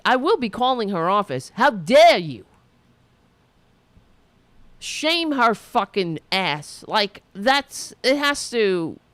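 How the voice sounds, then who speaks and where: A woman's voice: a little high, fairly bright tone, no room sound. A woman hosting a political commentary show, delivering a profane, sarcastic, heated rant.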